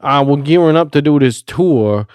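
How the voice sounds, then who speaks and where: A man guesting on a podcast, laid-back with deadpan jokes in casual chat. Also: a little high, moderate pace, smooth, no echo. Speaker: podcast guest, punk musician.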